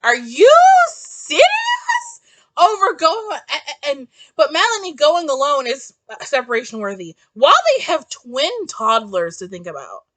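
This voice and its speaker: Very high, lively woman ranting. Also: moderate pace, few pauses. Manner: animated, profane, exasperated ranting. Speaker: book reviewer. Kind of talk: ranty casual book review.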